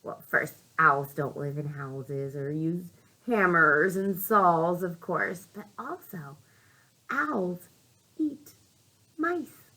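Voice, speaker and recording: A woman librarian reading a picture book aloud to young children, speaking slowly and expressively, asking the children questions and whispering for suspense. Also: on the low side, expressive, bright, forceful tone, low-quality recording.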